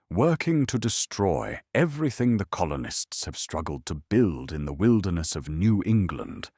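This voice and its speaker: Deep husky sleep-story narrator, man. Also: darkish tone, no echo, studio quality. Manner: slow, soothing, measured storytelling.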